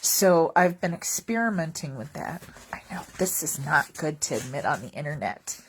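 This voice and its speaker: A woman's voice: sits low, lively intonation, moderate pace, a little hiss or hum. A woman vlogger telling funny stories in a casual, wry, rambling way, joking about everyday mishaps. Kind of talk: casual comedic storytelling.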